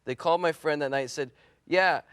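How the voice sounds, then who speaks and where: A middle-aged man trading jokes and quick asides as a panelist on a comedy talk show. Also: a little high, fairly even intonation, clear, resonant tone.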